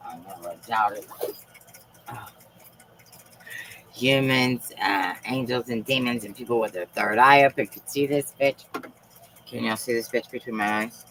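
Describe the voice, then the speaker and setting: A woman's voice: extremely low pitch, fairly bright tone, slight background noise, poor audio. A woman hosting a live stream, talking in a rambling, profane and fervent way. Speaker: livestream host.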